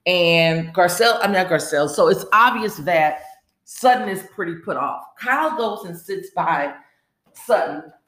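Rambling recap host, mid-pitched, casual delivery, echoey room sound. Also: animated, moderate pace, a bit bright. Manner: chatty, rambling storyteller. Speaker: podcast host.

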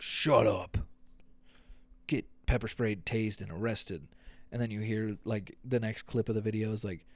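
A man's voice: fairly low pitch, a little mellow, no echo. A man hosting a podcast, ranting in a casual, comedic and profane way and acting out quotes. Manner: profane, rambling, acts out quotes. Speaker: podcast host.

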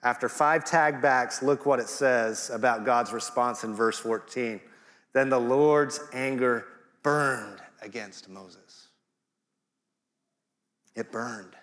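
A man's voice: mid-range voice, slow, fairly bright tone, long reverb tail. A middle-aged man preaching a sermon in a conversational way, dropping jokey asides. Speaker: guest preacher.

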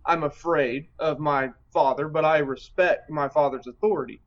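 A man's voice: on the high side, steady tone, normal speed. A man on a Bible study panel answering thoughtfully and often restarting his phrases. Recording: slightly dull, lo-fi audio.

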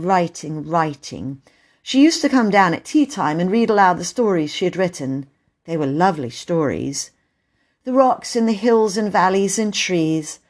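Expressive woman reading a storybook. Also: medium pitch. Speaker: narrator. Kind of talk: audiobook reading.

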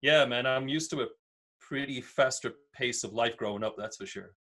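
A man from near Newcastle with a softened Northern English accent, chatting casually as a podcast guest and swearing freely. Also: medium pitch, moderate pace. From England, near Newcastle. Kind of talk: casual chat.

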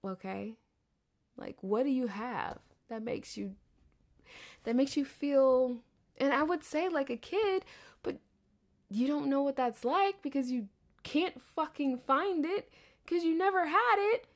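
A woman in her thirties talks through a loose, rambling podcast monologue. She swears casually and keeps breaking into laughter. Her voice sits a little higher than most women's. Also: unhurried, pauses often. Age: 30s. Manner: candid, profanity-laced, chatty with frequent laughs. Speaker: podcast host.

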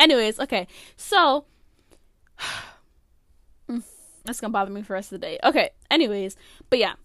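A woman's voice: mid-range voice, expressive, normal speed, long pauses, fairly bright tone, no echo, clean studio sound. A young woman giving casual, opinionated commentary, rambling with lots of "like" as she goes. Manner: rambling, opinionated, heavy use of "like". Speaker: vlogger.

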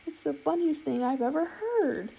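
A woman's voice: high voice, expressive, moderate pace, creaky, warm tone, a little hiss or hum, voice pushed up, low-quality recording. A woman voicing a lazy, giggly young noblewoman who gushes and chatters about herself. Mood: amused. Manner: gushing, airy, self-absorbed.

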